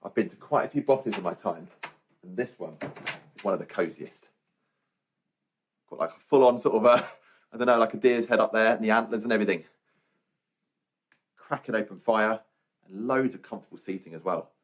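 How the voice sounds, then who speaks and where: A man's voice: lowish voice, brisk, long pauses, a little hiss or hum. A young man talking chattily and cheerfully to a handheld camera while vlogging a hiking trip, with a self-mocking humour. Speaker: travel vlogger. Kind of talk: hiking travel vlog chat.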